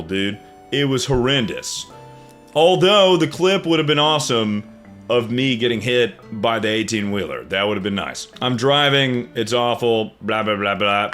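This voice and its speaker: A young man telling a story in a casual, profane rant, jumping between loud outbursts and low mutters. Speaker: streamer.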